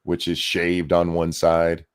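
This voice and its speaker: A man's voice: sits low, monotone, takes it slowly, smooth. A man hosting a podcast, ranting in casual, mocking, sarcastic commentary. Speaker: podcast host.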